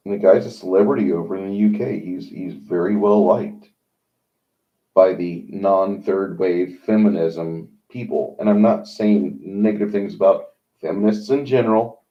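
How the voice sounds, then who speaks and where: A man hosting a livestream, talking in a rambling, opinionated monologue with many halts. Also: low voice. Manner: rambling, opinionated, halting with fillers. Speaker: livestream host. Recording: dull lo-fi sound.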